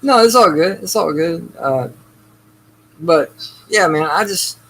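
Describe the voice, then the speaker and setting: Bright-voiced man in casual chat. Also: fairly high pitch, slow, vocal fry, husky, poor audio. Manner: relaxed, says "you know" often. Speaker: podcast co-host.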